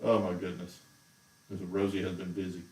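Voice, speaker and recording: A man's voice: low-pitched, level tone, a little fast, a little mellow. A man hosting a casual show from home, ranting in a heated, exasperated way. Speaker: show host. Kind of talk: casual rant on a livestream. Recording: roomy echo, mic far off.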